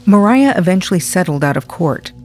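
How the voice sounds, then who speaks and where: A woman reading the scripted narration of a documentary in a measured, even way. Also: lowish voice. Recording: faint music underneath.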